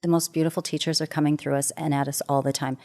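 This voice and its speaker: A middle-aged woman, a matchmaker and relationship expert, telling a heartfelt story in a gentle, earnest way and repeating phrases for emphasis. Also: deep voice, little pitch movement, fast talker.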